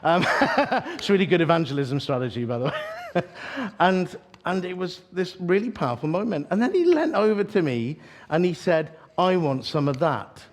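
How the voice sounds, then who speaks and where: A man's voice: high-pitched, wildly swooping pitch, moderate pace. Male preacher, story-led sermon, self-mocking and chatty, lots of false starts. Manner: chatty, self-deprecating humor, frequent restarts. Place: church evening gathering.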